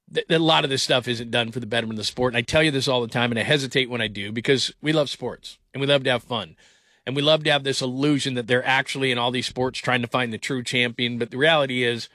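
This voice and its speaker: A man's voice: mid-range voice, bright, forceful tone, no room sound, studio quality. A middle-aged man giving an opinionated, emphatic sports commentary monologue, repeating words for stress. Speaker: sports talk host.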